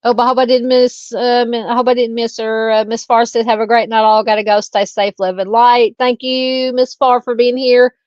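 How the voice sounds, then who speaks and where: Woman, Southern accent, livestream host, fairly high voice, dull dry sound. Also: little pitch movement, normal speed, hardly any pauses, dry recording. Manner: warm, chatty, reads out viewer comments. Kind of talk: casual live-stream chat.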